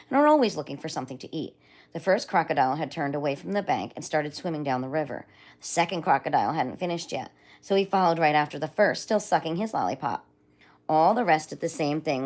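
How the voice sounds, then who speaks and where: A woman reading a children's book aloud on a livestream in a lively, expressive way. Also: deep voice. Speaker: livestream storyteller.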